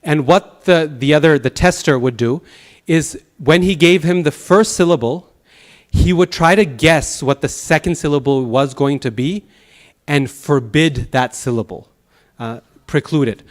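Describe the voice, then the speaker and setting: A man teaching a Sanskrit class at a temple, telling anecdotes in an animated way with chuckles and restarts. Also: fairly high pitch, a little slow. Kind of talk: lecture with anecdotes.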